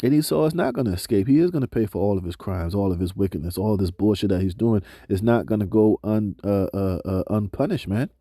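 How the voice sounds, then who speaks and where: Brief: male street preacher, very dark and mellow tone, dry close sound, loose slangy delivery. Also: on the low side, no room sound. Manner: casual slangy preaching, often ends phrases with "man", many "uh" fillers; slows down to read scripture aloud. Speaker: street preacher reading scripture. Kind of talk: informal scripture commentary.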